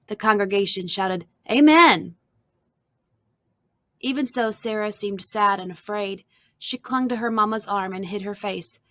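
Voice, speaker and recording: A woman reads a children's storybook aloud in a soft, expressive first-person telling. Her voice sits at an ordinary middle pitch and is recorded dry and close, with no room sound. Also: normal speed, dry recording.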